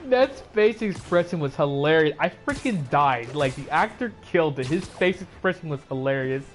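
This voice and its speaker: A man's voice: fairly high pitch, lively intonation, normal speed, faint music behind. A man casually recapping a film for his channel in a loose, rambling way, full of "like" and "uh" and restarted sentences.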